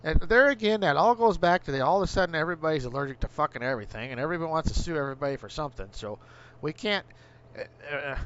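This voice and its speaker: A man's voice: on the high side, expressive, very fast, fairly bright tone. A middle-aged man, ranting casually and profanely while hosting a gaming livestream. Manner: profane, ranting, rising to angry outbursts. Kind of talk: casual rant while streaming. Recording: dull lo-fi stream audio with faint vehicle hum.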